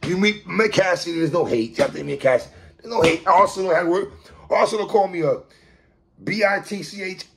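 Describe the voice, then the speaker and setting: A man hosting a casual hip-hop commentary monologue, animated and quick to laugh and exclaim. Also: sits high, gravelly.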